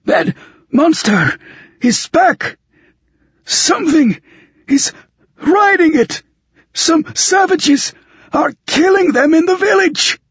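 A man's voice: very high-pitched, lively intonation, takes it slowly, long pauses, fairly bright tone, no room sound, muffled recording, pitched above the performer's own voice, exaggerated voice. A man voicing a panicked young male runt who chokes out his warning in breathless one-word gasps, as in an audiobook. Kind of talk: audiobook character voice.

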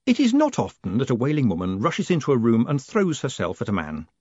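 A man narrating an audiobook in an expressive, wry, dramatic reading, recorded dry and slightly muffled. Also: medium pitch, fairly quick, husky, dry recording.

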